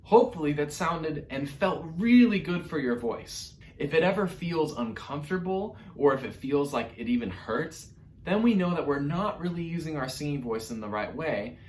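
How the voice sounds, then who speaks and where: A man's voice: fairly high pitch, a little hiss or hum. A man teaching an online music lesson to young children, upbeat and encouraging as he speaks straight to the kids. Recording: roomy echo with faint music.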